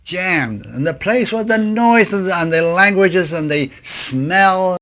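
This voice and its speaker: An older man reflectively recounting his arrival as an immigrant, halting and restarting as he remembers. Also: high voice, expressive, fairly bright tone. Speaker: interviewee. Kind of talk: archival oral history recollection.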